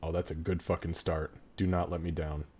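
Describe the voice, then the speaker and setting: A man with a lowish voice narrates a tabletop game as its game master. He talks casually, cursing and breaking into laughter. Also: little pitch movement, brisk, dark tone, a little hiss or hum. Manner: casual, swearing, laughing often. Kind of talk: running a tabletop game stream.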